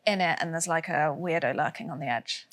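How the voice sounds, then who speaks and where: A woman's voice: low-pitched, a little fast, fairly bright tone. Woman co-host thinking aloud. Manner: hesitant, searching for words, many "like" and "sort of". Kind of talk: casual chat.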